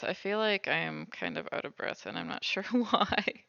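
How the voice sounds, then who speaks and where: A woman's voice: mid-range voice, very animated, moderate pace, creaky, pushed and bright, no echo, highs cut off. A woman streaming while she bakes, chatting casually and thinking aloud as she cooks. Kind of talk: casual livestream chat while baking.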